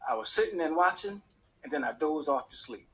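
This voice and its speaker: Husky high-voiced male storyteller. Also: brisk. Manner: animated, acts out the voices of people in his story. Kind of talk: personal story told to an audience.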